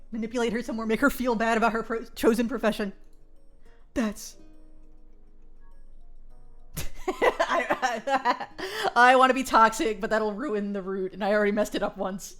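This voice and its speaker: A woman streamer reading a visual novel aloud in a soft narrating voice, then breaking into loud, giggly reactions to her chat. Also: a little high.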